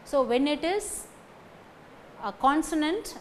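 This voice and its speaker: A woman giving a recorded lecture on phonetics, speaking deliberately, repeating example sentences and checking in with "okay" between points. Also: high voice, lively intonation, slight background noise, rough recording.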